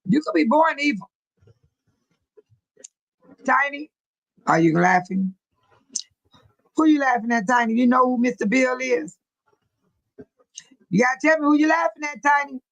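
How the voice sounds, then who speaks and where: A woman's voice: high-pitched, moderate pace, pauses often, a bit bright, no echo, dull audio. An older woman hosting a casual livestream, chatting with her commenters and laughing often. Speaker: livestream host reading chat.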